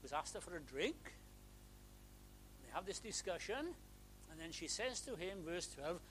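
A man's voice: high-pitched, very animated, measured pace, long pauses, fairly bright tone, a little hiss or hum, poor audio. A man preaching a sermon, earnest and plain-spoken, rising to fervent repeated emphasis.

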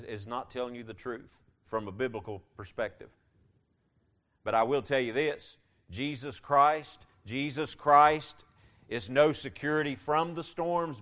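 A man preaching a sermon, repeating key phrases and building from quiet passages to loud, emphatic ones. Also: on the high side.

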